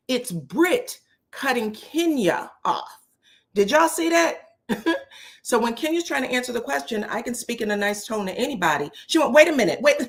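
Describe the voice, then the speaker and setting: Woman host, gossipy recap voice, sassy and animated in her retelling. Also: medium pitch. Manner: chatty, sassy, quotes cast members with voices. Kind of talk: casual show recap.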